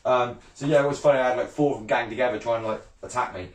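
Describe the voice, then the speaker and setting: A man's voice: medium pitch, steady tone, rapid-fire, reverberant. A brash man in his thirties, ranting bluntly and swearing freely in a casual vlog, often laughing. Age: 30s. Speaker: fishing channel vlogger.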